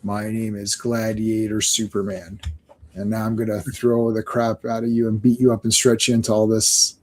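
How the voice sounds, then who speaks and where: A man voicing a boastful, bored adult male alien strongman in a gruff, dismissive way. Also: fairly low pitch, flat delivery, moderate pace, pitched below the performer's own voice, close to an everyday voice.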